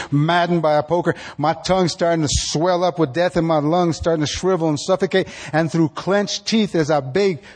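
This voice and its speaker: A man voicing a grieving woman field worker haunted by thirst, in slow, lyrical, intense first-person narration. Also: fairly high pitch, a little mellow, long reverb tail, natural voice.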